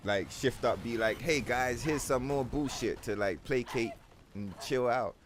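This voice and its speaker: A man's voice: mid-range voice, measured pace, noisy background. A young man streaming a game, ranting casually with lots of profanity and playful mock voices. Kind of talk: casual livestream rant while gaming.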